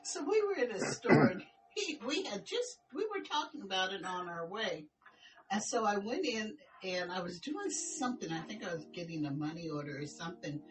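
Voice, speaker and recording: An older grandmother tells a story with a voice that rises and falls a lot, giggling as she goes. She talks casually with her co-host, and music plays clearly underneath. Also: mid-range voice, animated, moderate pace, rough recording. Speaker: podcast co-host.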